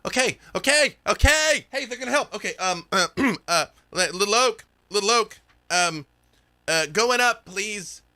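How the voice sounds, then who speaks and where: A man voicing an excitable young gang leader who rambles fast with many restarts. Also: high voice, voice pushed up, full character voice. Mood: excited.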